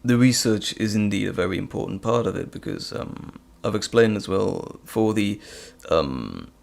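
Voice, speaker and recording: A man chats on his live stream, his voice gravelly at the edges and swinging up and down in pitch. He hesitates often with ums as he reads out chat questions and answers them. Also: expressive, moderate pace. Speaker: live stream host and audio creator.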